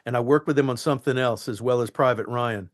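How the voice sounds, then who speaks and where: A man, an actor being interviewed, telling animated stories from film sets and acting out the lines. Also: medium pitch, fast talker. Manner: animated, acts out quotes and lines. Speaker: actor guest. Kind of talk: anecdotal interview storytelling.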